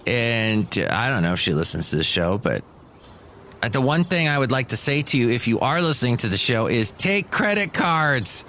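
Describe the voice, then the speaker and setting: A man's voice: mid-range voice, very animated, moderate pace, bright, forceful tone, slight background noise. Wry rambling male podcast host. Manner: wry, meandering, chatty. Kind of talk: rambling solo comedy podcast.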